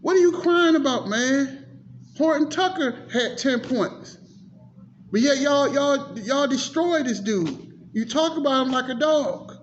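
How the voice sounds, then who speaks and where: A man's voice: very high voice, slow. A man vlogging a frustrated, cursing rant about sports, repeating himself as he complains. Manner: frustrated, cursing, repetitive ranting. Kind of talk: ranting sports commentary. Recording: dull lo-fi audio with faint noise.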